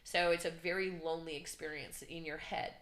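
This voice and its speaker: A woman guest telling her story in an interview, animated and earnest, acting out shouts and her own inner voice. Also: low voice, brisk, roomy sound. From Canada. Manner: emotional, earnest. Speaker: podcast guest, business coach.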